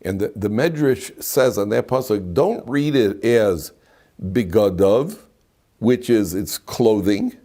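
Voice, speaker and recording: A man's voice: fairly low pitch, expressive, a little slow, few pauses, dark tone. An older man, a rabbi, giving an informal class in a classroom, talking conversationally with restarts and side remarks. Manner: conversational and digressive, with frequent restarts and asides. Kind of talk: informal Torah lecture. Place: classroom with students.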